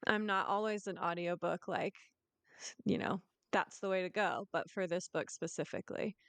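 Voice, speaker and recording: A woman's voice: fairly low pitch, fairly even intonation, moderate pace, fairly bright tone, no echo. A woman co-hosting a casual book podcast, musing with hesitant restarts. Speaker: podcast co-host.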